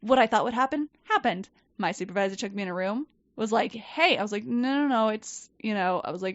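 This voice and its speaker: A woman telling a story in casual chat, animated and swearing, acting out quoted people. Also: medium pitch, quick pace, dry recording. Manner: animated, profane, quotes people in lively voices. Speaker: podcast guest. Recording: dull, dry podcast mic.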